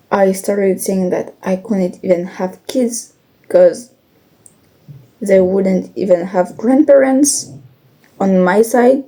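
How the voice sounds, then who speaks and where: Brief: young woman, slow halting confessional talk, mellow tone, a touch high, blunt with occasional swearing. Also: slightly rough. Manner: halting, frequent restarts and fillers. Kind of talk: casual confessional vlog.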